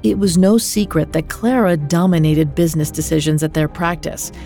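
A woman reading a scripted true-crime podcast narration in a measured, even delivery. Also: low voice, gravelly, soft background music.

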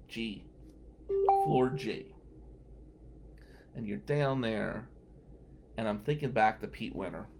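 In this storytelling monologue, a male lawyer hosting a podcast recounts his working day with wry disbelief. He speaks in a mid-range, darkish voice, with slight background noise.

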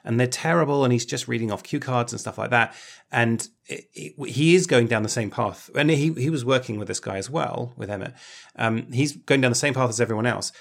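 A man's voice: mid-range voice, brisk, gravelly, hardly any pauses. A man co-hosting a podcast in casual chat, talking with many ums and restarts. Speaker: podcast co-host.

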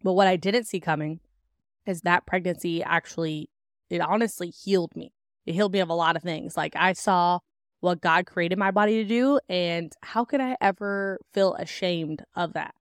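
A woman's voice: on the low side, normal speed, no room sound, clean studio sound. Chatty young woman telling her story. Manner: candid and chatty, with frequent "like" fillers and laughs. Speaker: podcast host. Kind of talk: personal storytelling to listeners.

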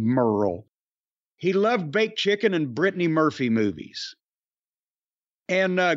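Lively high-voiced man reading listener tributes. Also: no echo, muffled recording. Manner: wry, offhand, stumbles over names. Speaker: podcast co-host. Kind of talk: casual podcast chat, reading listener tributes.

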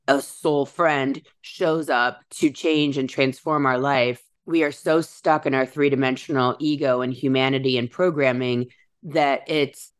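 A podcast host with a strikingly deep, clear and resonant voice talks through spiritual ideas in a relaxed chat. She muses aloud, slowing down to stress the words that matter.

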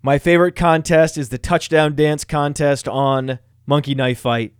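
A man hosting a fantasy football podcast, reading ads in a boastful, self-mocking, energetic way. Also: a little high, a little slow, smooth, no room sound, clean studio sound. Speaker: podcast host.

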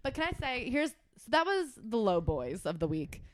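A young woman co-hosting a podcast, telling an animated story with swearing and acted-out dialogue. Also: on the high side, moderate pace, slight background noise. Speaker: podcast co-host. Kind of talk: casual chat.

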